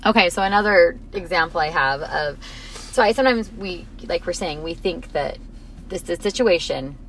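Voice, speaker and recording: A woman's voice: on the low side, normal speed, slight background noise, low-quality recording. A woman in her thirties co-hosting a casual conversation, telling family stories and acting out the lines. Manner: animated storyteller, acts out quotes.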